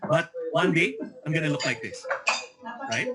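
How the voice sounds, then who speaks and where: A Filipino man in his forties leads a motivational talk on money and debt, slipping between languages with jokey asides. His voice sits slightly high for a man. A crowd can be heard clearly behind him. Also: lively intonation, moderate pace. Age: 40s. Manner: switches between Tagalog and English, story-driven, jokey asides. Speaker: motivational speaker. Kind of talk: live-streamed money talk.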